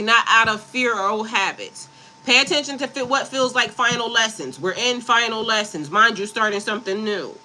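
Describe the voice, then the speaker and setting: A woman with a piercingly bright, sharp voice, speaking as a spiritual coach on a casual livestream. She moves between reciting affirmations and blunt, cursing asides to her viewers. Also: on the high side, poor audio. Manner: blunt and profane, switching between reading affirmations and loose asides.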